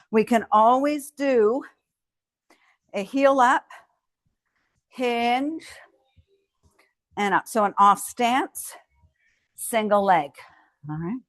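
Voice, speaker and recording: A woman's voice: high voice, dry recording. A woman fitness instructor coaching a home strength workout, cueing each move and cheering the viewer on. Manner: encouraging, cueing moves with frequent cheers.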